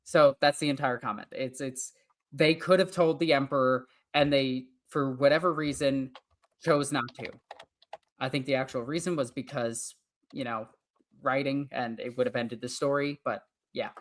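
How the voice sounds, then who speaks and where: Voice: mid-range voice, fairly even intonation, normal speed. A podcast co-host reading a listener's comment aloud in casual talk, adding personal asides.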